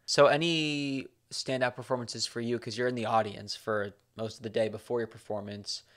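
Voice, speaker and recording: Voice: mid-range voice, steady tone, normal speed. An interviewer hosting a casual conversation, chatty and affirming, asking long, rambling questions. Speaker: interviewer, host.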